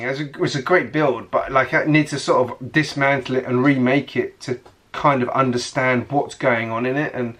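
A man's voice: medium pitch, fairly bright tone. A man chatting casually on his hobby vlog, rambling along with lots of fillers and restarts. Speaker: Lego hobby vlogger.

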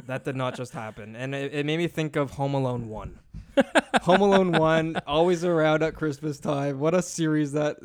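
A man with an average-pitched voice co-hosts a casual sports betting podcast. He rambles, corrects himself and swears easily, recorded close and dry. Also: clear, resonant tone, dry recording. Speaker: podcast co-host.

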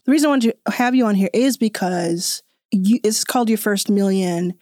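A woman's voice: medium pitch, normal speed, darkish tone, no room sound. Woman podcast host, teasing and emphatic, mid-range voice, dry recording. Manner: upbeat, teasing, emphatic repeats. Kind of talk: casual interview chat.

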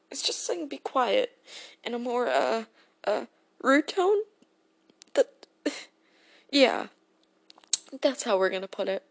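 A woman voicing a gentle, goofy teenage boy hero who speaks as an affectionate boyfriend in a role-play audio, soft-spoken and prone to giggles. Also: sits high, creaky, exaggerated voice. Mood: playful. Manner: soft-spoken and tender, breaking into giggles when tickled.

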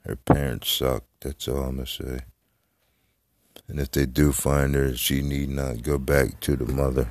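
A middle-aged man rambles through a solo podcast with a very deep, gravelly voice. He talks slowly, swears a lot and trails off into fillers. The sound is dry and close. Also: level tone, darkish tone, no room sound. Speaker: podcast host. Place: Florida.

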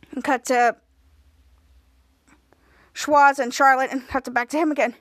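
A woman's voice: sits high, fairly even intonation, a little slow, long pauses, a bit bright, no echo, clean studio sound. A woman hosting a podcast, casually recapping a TV episode scene by scene with lots of "cut to" and questioning fillers. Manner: rambling, repeats "cut to" with questioning "hmm?" fillers. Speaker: podcast host.

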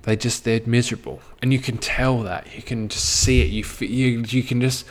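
A man's voice: mid-range voice, steady tone, normal speed. A young Australian man talking straight to camera in a loose, rambling monologue, swearing freely and often trailing off mid-thought. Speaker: vlogger.

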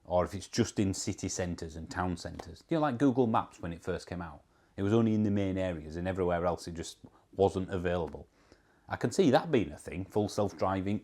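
A man with a Yorkshire accent, talking on his own channel in a relaxed, chatty way. His voice sits a little low, and his replies are dry and mocking. He reads comments aloud and pokes fun at them. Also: a little hiss or hum. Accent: Yorkshire English. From Yorkshire, England. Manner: wry, sarcastic, reads out comments. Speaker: electric car reviewer. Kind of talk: casual vlog commentary.

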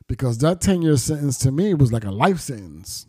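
A man's voice: medium pitch, sing-song, normal speed, a little mellow, slightly rough, dry recording. Middle-aged dude telling his story straight up, lots of cussing and slang, reflective, dead dry recording. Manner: blunt, profane street slang, reflective. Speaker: storyteller recounting his past. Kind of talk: candid personal storytelling.

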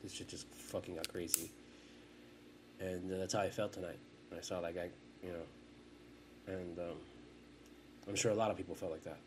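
A man's voice: low-pitched, steady tone, normal speed, pauses often, background noise. A man in his forties hosting a podcast, chatting in a casual, rambling way, swearing often and cutting himself off mid-thought. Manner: profane, rambling, self-interrupting. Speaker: podcast host.

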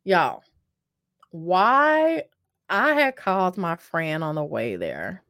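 A woman's voice: lowish voice, very animated, slow, fairly bright tone, no room sound. A woman telling a personal story to her viewers in a chatty, self-mocking way, full of fillers and repeats, calling them "y'all". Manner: talks with many fillers and repeats. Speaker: vlogger telling a dating story. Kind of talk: casual storytelling to camera.

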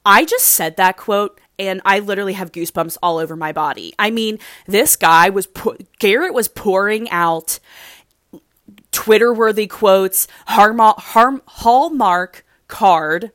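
A woman's voice: mid-range voice, a little slow, fairly bright tone, dry recording. Young woman gushing over a show, says like constantly, dry close sound. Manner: gushing, rambling, heavy use of "like". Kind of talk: casual reality-TV recap.

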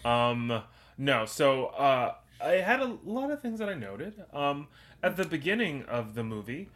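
Man co-host, dry teasing, rambling delivery, mid pitch. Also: big pitch swings, measured pace, fairly bright tone. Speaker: podcast co-host. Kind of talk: casual movie podcast chat.

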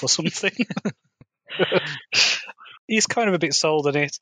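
A man's voice: on the high side, expressive, measured pace, long pauses, sharp tone, no echo. A man co-hosting a podcast, casually recapping a TV episode with frequent laughs. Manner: laughs often, paraphrases dialogue loosely. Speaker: podcast co-host.

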